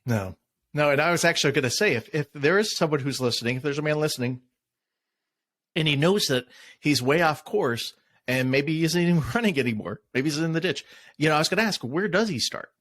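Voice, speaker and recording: A man hosting a podcast, his voice sitting a little high for a man. He speaks casually and reflectively, agreeing with his guest and then asking him questions. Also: animated, fairly quick, fairly bright tone. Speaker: podcast host.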